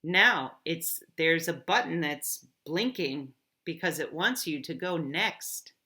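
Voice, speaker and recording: A woman teacher walking students through an app step by step, clear and encouraging. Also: low voice, animated, slow, bright, forceful tone.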